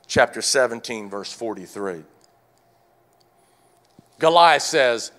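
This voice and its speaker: A man preaching a sermon to his church, calling out to the congregation and swinging between shouted declarations and quieter teaching. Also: fairly high pitch, animated, slow, long pauses. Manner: calls out to the congregation. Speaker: pastor.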